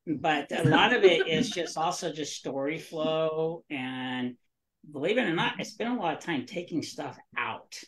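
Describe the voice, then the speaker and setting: A man author on a podcast, explaining his writing process in a halting way with many fillers. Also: fairly high pitch, fairly bright tone, poor audio. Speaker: guest author. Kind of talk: casual podcast chat.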